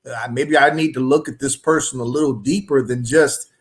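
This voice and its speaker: A man co-hosting a casual video commentary, speaking haltingly with "uh"s and repeated words. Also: mid-range voice, steady tone. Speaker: co-host.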